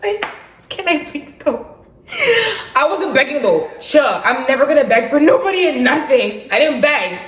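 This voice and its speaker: A young adult woman casually telling a dramatic personal story for her vlog, animated and slangy with bursts of laughter. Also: sits high, normal speed. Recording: roomy echo.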